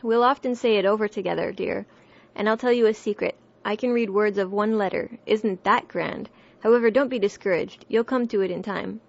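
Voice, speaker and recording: A woman's voice: mid-range voice, fairly quick, creaky, hardly any pauses, a little mellow, lo-fi sound. A woman reading as the White Queen, muddled and fretful.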